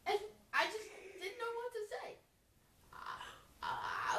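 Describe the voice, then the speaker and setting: A woman's voice: extremely high pitch, sing-song, a little slow, a bit bright, slight background noise. A woman improvising a goofy, rambling parody voice-over of a preacher, full of restarts. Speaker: fan voice-over comedian. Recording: roomy echo, far from the mic.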